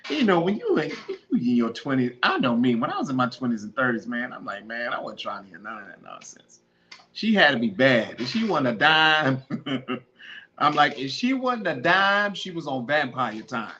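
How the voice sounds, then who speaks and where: Middle-aged male podcast host: loose, slangy storyteller who laughs a lot, with a forceful, bright voice on a dull, lo-fi recording. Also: mid-range voice, wildly swooping pitch, normal speed. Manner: laughs often, repeats himself, slangy and playful. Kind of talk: casual storytelling monologue.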